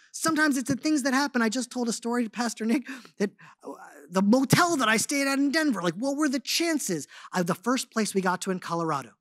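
A man giving a sermon as a guest speaker, telling stories in an animated, conversational way with lots of casual fillers. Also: high-pitched, no echo, clean studio sound. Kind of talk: storytelling sermon.

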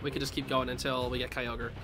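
A young man live-streaming a game, commenting casually and yelling and laughing at the action. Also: medium pitch, moderate pace, soft background music. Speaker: streamer playing online matches.

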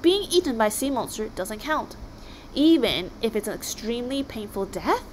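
Casting: woman playing a calm, scheming Viking boy in a storybook reading, matter-of-fact with lively pitch. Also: moderate pace, a little hiss or hum, lightly acted, rough recording.

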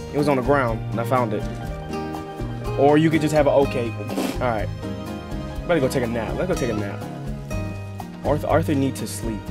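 A man giving casual, joking and rambling commentary while playing a game. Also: mid-range voice. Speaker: gaming streamer. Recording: game music behind.

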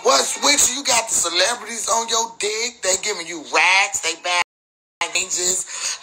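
A woman's voice: mid-range voice, measured pace, pushed and bright, slightly rough, rough recording. A middle-aged woman delivering a heated, profane callout rant, confrontational and repeating herself for emphasis. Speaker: mother speaking out. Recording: music playing behind.

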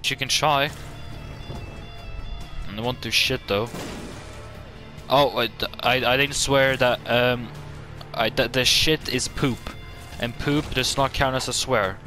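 Guy yelling and cussing thru his gameplay, bright punchy voice, game music faint in the back. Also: mid-range voice, slow, pauses often. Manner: excitable, swearing, jokey outbursts. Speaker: gaming channel host. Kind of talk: gameplay commentary.

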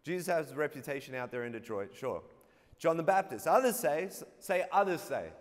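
Man, guest pastor, sermon, playful call-and-response, high voice, long hall reverb. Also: animated, a little fast. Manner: playful, gets the crowd to call back. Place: church auditorium.

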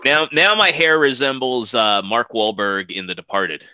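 Bright, rambling podcast host guy. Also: mid-range voice, normal speed, smooth, dry recording, highs cut off. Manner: loose, rambling, many fillers. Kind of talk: casual chat.

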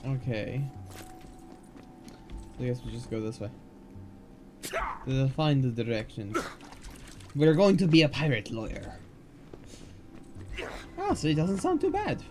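A man's voice: mid-range voice, very animated, unhurried, long pauses, over music. A man streaming a video game, chatting casually and poking fun at himself. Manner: chatty, self-deprecating. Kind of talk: casual gameplay commentary.

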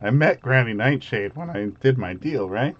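A man's voice: mid-range voice, expressive, normal speed, lo-fi sound. A man running a tabletop game, reading out rules and trading playful banter with his players. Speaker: game master.

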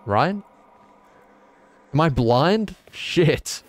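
Drawing out his words, a young streamer with a fairly high-pitched voice sounds animated as he plays. He rambles, jokes, and answers messages from his chat in casual commentary.

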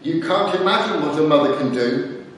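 A man's voice: a little high, lively intonation, moderate pace, a little hiss or hum, lightly acted. A man playing the Lord as a fond, patient creator in a dramatised church reading, speaking earnestly and tenderly. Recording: echoey church heard from far off.

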